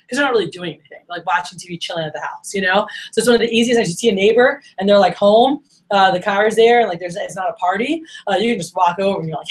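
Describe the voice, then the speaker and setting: Fast-talking woman sales coach. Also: medium pitch, low-quality recording. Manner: energetic, coaching, acts out phone calls. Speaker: sales manager coaching new managers. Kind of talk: training workshop talk.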